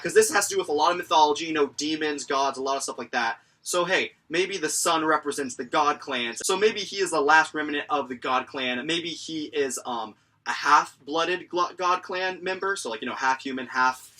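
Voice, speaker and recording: A man's voice: fairly high pitch, bright, forceful tone. A young man casually recapping and reviewing an anime episode, rambling with lots of fillers and chuckles.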